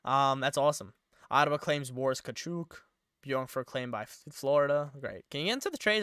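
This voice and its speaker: A man's voice: mid-range voice, lively intonation, a little fast, a bit bright, smooth, dry recording, clean studio sound. A young man rambling through live-stream sports commentary, thinking aloud and getting himself worked up.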